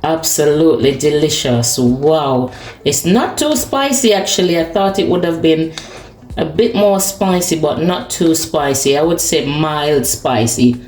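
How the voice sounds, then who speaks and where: A woman's voice: low voice, lively intonation, a little slow, a little mellow. A woman chatting to viewers while she cooks in her home kitchen, tasting and savoring the food. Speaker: cooking vlogger. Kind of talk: casual cooking vlog talk to viewers. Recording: echoey kitchen with cooking noise. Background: pot boiling.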